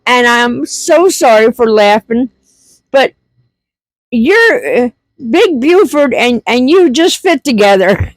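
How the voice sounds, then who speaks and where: A woman's voice: a little high, animated, takes it slowly, no echo. A woman telling a funny family story in a casual, laughing, folksy way. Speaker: homesteading vlogger.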